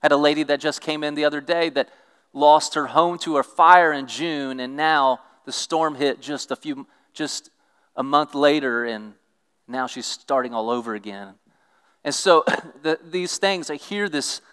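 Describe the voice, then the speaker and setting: A man's voice: on the high side, a bit bright, clean tone. A man giving a sermon as a pastor, earnest and conversational, with frequent restarts as he reads and explains scripture. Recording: reverberant hall.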